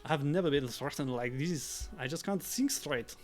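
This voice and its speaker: A man's voice: on the high side, animated, moderate pace, a little mellow, soft background music, natural voice. A man voicing a snooty, nervous Frenchman in a video game, with a put-on French accent, pleading and flustered. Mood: scared.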